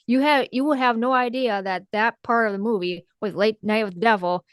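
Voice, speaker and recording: Smooth-voiced woman in casual chat. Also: fairly high pitch, fairly quick, dry recording. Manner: relaxed, chatty, with filler words. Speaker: podcast co-host. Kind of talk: casual horror movie chat.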